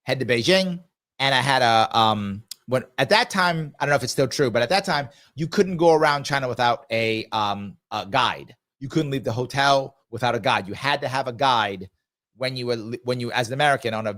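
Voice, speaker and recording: Man, live show host, casual Q&A chat, emphatic storytelling, middle pitch. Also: brisk. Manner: conversational, emphatic, animated anecdote telling.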